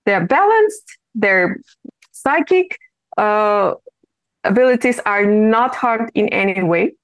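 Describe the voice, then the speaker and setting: A woman with a Ukrainian accent, a volunteer guest speaking in a podcast interview, measured and hesitant with frequent fillers. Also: medium pitch, expressive, no room sound.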